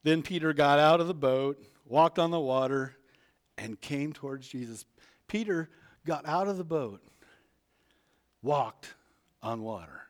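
A man's voice: on the high side, measured pace, long pauses. A man preaching a sermon, retelling a Bible story in a casual way, acting out the characters' lines and chuckling as he goes. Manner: retells scripture conversationally, acts out voices, chuckles.

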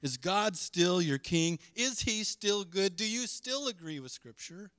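Male pastor, middle-aged, emphatic sermon delivery, slightly high voice, dry sound. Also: animated, a little slow, fairly bright tone, clean tone, no room sound. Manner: emphatic, call-and-response with congregation.

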